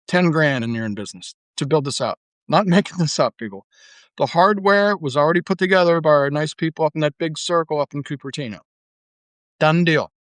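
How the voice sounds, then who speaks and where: A man's voice: mid-range voice, no room sound. A middle-aged man hosting a podcast, ranting casually with frequent swearing and fillers. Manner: ranting, profane, full of fillers. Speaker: podcast host. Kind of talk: casual monologue.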